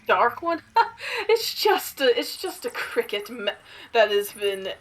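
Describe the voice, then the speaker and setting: A woman's voice: on the high side, very animated, takes it slowly, a bit bright. A woman playing a tabletop role-playing game, narrating her character's actions in a playful, improvising way. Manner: playful, giggly, improvising aloud. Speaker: player.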